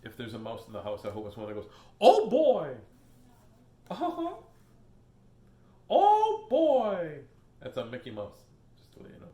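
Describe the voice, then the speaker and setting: A man's voice: lowish voice, little pitch movement, rapid-fire, a little mellow, reverberant. A man reading a children's picture book aloud on video, joking between pages and doing silly animal voices.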